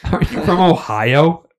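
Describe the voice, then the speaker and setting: A man's voice: on the high side, lively intonation, unhurried. A young man co-hosting a casual podcast chat, laid-back and full of filler words. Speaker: podcast co-host.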